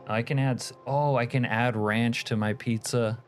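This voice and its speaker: A man's voice: mid-range voice, fairly even intonation, normal speed, faint music behind. A young man streaming a game, chatting casually and rambling through answers to his chat. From United States. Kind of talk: casual livestream chat while gaming.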